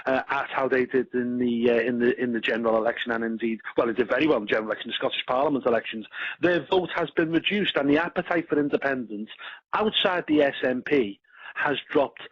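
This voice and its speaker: A man's voice: medium pitch, husky, no echo, lo-fi sound. Confident Scouse man on the radio. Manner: confident, combative, quick-talking with restarts. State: giddy, a bit delirious. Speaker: political guest. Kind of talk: live radio interview.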